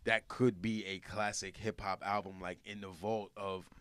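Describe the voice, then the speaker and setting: A man with a very low voice talks casually on a podcast, swearing freely and piling up "like" and "um" as he hypes things up. The sound is dry and close, with no room around it. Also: flat delivery, moderate pace, fairly bright tone, clear, resonant tone, no room sound. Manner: loose, profane, enthusiastic, full of fillers. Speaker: podcast co-host.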